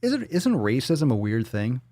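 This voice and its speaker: A man's voice: mid-range voice, huge pitch swings, unhurried, warm tone, no room sound. Profane joking male livestream host. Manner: joking, profane and riffing off-the-cuff. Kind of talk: casual livestream chat, reading viewer donations.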